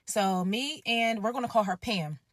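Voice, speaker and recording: A woman's voice: mid-range voice, moderate pace, no echo. A woman telling a personal story in a direct, casual, no-nonsense way. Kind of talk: story time narration.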